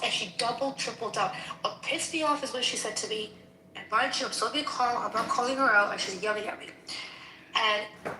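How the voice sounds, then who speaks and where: A woman in casual, heated conversation, animated and indignant, acting out both sides of a quarrel she is retelling. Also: on the high side. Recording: echoey room with faint noise.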